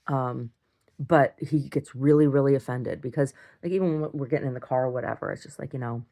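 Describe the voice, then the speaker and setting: A woman recording a casual video diary, rambling through an animated story and acting out what others said. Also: very deep voice, brisk. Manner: rambling, animated retelling with acted-out quotes. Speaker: video diarist.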